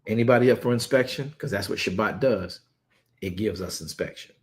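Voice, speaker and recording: Guy preaching on a stream, animated, keeps repeating himself, jokes around. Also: on the low side, a little fast. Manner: animated, repeats words, playful asides. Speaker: pastor leading online Sabbath study. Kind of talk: lively sermon and livestream chat.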